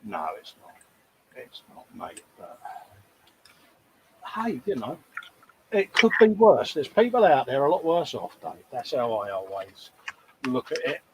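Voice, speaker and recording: A talkative man chatting in a relaxed, jokey way at his workbench, teasing himself and slipping into quick mock voices. His voice sits at an ordinary middle pitch, with a faint hiss behind it. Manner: chatty, jokey, self-mocking, breaks into quoted voices. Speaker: co-host of a model-building livestream. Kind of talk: casual chat.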